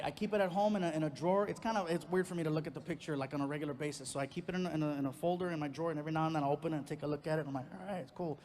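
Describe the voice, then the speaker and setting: A middle-aged male comedian tells a story on stage in a high, lively voice. He is animated and breaks into yelling when acting out his anger. A faint hum sits under his voice. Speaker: stand-up comedian.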